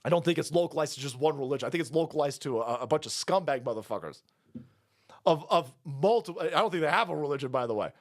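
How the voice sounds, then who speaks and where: Fast, profane, high-pitched ranting man. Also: lively intonation. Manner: profane, rapid-fire, combative, laughing asides; talks fast. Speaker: political commentary streamer.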